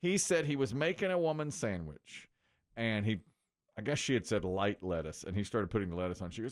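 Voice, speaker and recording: A man's voice: fairly low pitch, lively intonation, brisk. A middle-aged man hosting a morning radio show, telling a story casually and swinging his voice for the people he quotes.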